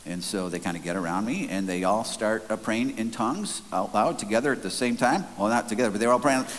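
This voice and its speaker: A man's voice: lowish voice, brisk. A man preaching in an earnest, conversational storytelling way, with frequent restarts. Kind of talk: sermon storytelling. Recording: faint hiss, long hall reverb.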